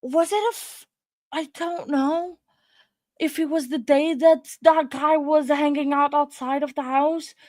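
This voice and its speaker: A woman with a high-pitched, darkish voice hosts a true crime channel, chatting casually to viewers. She's out of breath and flustered, rambling with nervous laughs, in a dry, studio-quality recording.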